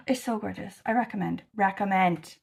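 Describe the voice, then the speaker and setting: A young American woman chatting casually to camera about her travels, rambling and animated, with lots of fillers and swearing. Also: medium pitch, fairly quick, gravelly. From United States. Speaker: travel vlogger. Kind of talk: casual chat.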